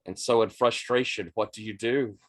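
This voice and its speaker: A man running a tabletop role-playing game as game master, narrating in an unhurried, descriptive way and laughing now and then. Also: on the low side, fairly even intonation.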